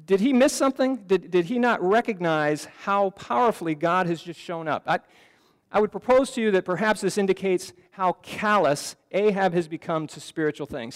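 A man giving an earnest, conversational sermon as pastor in a church sanctuary, often restarting his phrases. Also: sits high. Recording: long reverb of a church hall.

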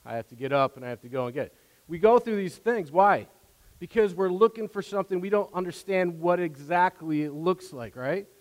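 A man's voice: sits high, long reverb tail. A man preaching a sermon as pastor, casual and full of fillers, building in force.

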